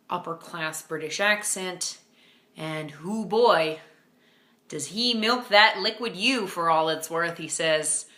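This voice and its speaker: Young woman vlogging, bright voice, sits a bit low, chatty and playful. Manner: chatty and animated, with playful emphasis and quick asides. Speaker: book vlogger. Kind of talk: casual chat.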